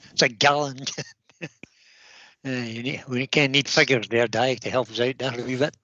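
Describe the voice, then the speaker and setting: A man co-hosts a craft livestream, joking and reading viewer comments in a bright, lively tone. The sound is dry and slightly muffled. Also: medium pitch, moderate pace, no room sound. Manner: jokey, reads viewer comments. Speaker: co-host. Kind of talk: livestream chat.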